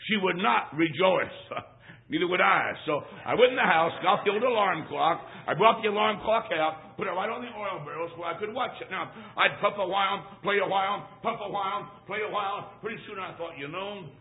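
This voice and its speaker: A man preaching as a traveling evangelist at a church service, telling a humorous personal story, swinging between shouts and hushed asides. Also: sits high. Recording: tinny lo-fi phone-like recording.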